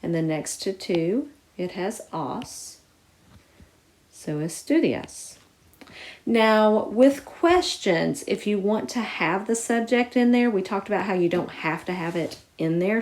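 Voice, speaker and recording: A woman teaching a recorded lesson, explaining each step clearly and putting stress on key words. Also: medium pitch, lively intonation, slow, darkish tone. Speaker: Spanish teacher.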